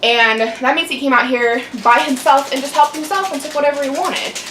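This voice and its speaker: A woman's voice: sits high, a little fast, pushed and bright. A young adult woman in a casual venting chat as a mukbang vlogger, chatty and aggravated, swearing and saying "like" a lot. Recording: roomy echo, mic at a distance, faint hum.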